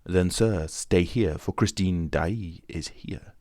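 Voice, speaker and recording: A man reading an audiobook, voicing a grave, cautious stranger who speaks in calm, measured warnings. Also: sits low, no room sound, clean studio sound. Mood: guarded. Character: grave, mysterious male stranger, cautious and secretive.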